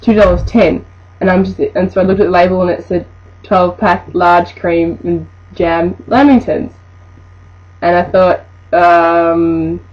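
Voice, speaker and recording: A woman's voice: on the low side, fairly even intonation, a little slow, a little mellow. An eighteen-year-old woman, telling a work story in a chatty, exasperated, rambling way. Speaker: vlogger. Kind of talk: storytime monologue. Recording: dull lo-fi with faint noise.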